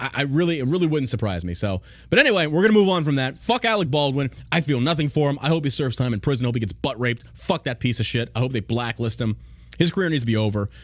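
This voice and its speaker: A man's voice: mid-range voice, lively intonation, fast, dry recording, clean studio sound. A man hosting a podcast, talking bluntly and profanely in a mocking, opinionated rant. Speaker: podcast host.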